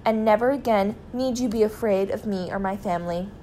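A woman's voice: mid-range voice, brisk, dark tone, slight background noise, close to an everyday voice. A woman reading aloud, voicing a frightened middle-aged man who begs and promises eagerly. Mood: pleading. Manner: pleading, eager.

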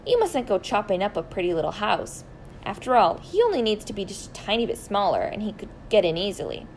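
A woman voicing a shy, scheming older gentleman who speaks gently and coaxingly. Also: medium pitch, sing-song, fairly quick, a little hiss or hum, low-quality recording.

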